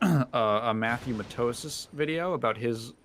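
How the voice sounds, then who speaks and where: A man's voice: medium pitch, moderate pace, a bit bright. Rambling man chatting over noise. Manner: rambling, self-deprecating, laughs often. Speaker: gamer streaming with a friend. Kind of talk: casual chat. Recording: audible background noise.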